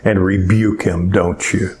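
A man's voice: deep voice, level tone, slow, a little hiss or hum. A male pastor preaching a folksy, conversational sermon full of rhetorical questions to his congregation.

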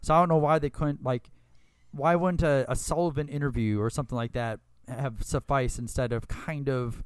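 A man's voice: mid-range voice, fairly even intonation, normal speed, smooth, dry recording. A man co-hosting a podcast, chatting casually and wryly while recapping a match. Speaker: podcast co-host. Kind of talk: casual wrestling recap chat.

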